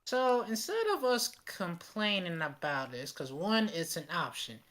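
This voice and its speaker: A woman calling in on a voice call, making her case in a lively, persuasive way and walking through the numbers. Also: on the low side, unhurried. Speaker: call-in viewer. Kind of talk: casual voice-call chat.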